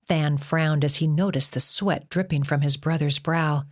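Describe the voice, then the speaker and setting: A woman narrating a novel as an audiobook in a measured reading. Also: deep voice, fairly even intonation. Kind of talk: scripted narration.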